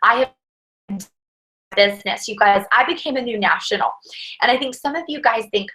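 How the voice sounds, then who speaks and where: A woman with a bright, forceful voice coaching her sales team in a pep-talk style. She sits a little high in pitch and keeps things chatty, upbeat and peppered with fillers. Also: normal speed, pauses often, low-quality recording.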